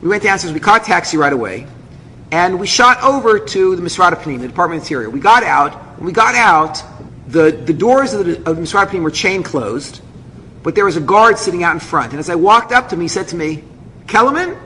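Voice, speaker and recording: High-pitched and fairly quick, a rabbi and speaker shares a personal anecdote with an audience, energetically acting out all the voices. The sound carries long hall reverb plus a faint noise.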